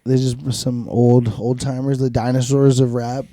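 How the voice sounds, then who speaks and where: A man's voice: medium pitch, flat delivery, measured pace, warm tone, no room sound, studio quality. A man co-hosting a podcast in casual chat, rambling and swearing a lot, laughing often. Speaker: podcast co-host.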